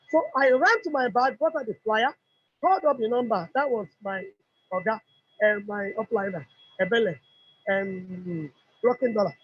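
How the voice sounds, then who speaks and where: A woman's voice: mid-range voice, moderate pace, breathy edge. A middle-aged woman with a Nigerian English accent, telling an emotional personal testimony and acting out what others said. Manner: animated storyteller who acts out dialogue. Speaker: customer giving a product testimony. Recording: dull lo-fi recording.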